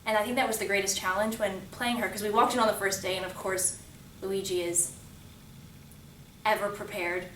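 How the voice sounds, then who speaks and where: A woman's voice: mid-range voice, steady tone, moderate pace, pauses often, a bit bright. A young woman, a stage actress, talking earnestly about playing her role in an interview. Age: young adult. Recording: roomy, distant mic, faint noise.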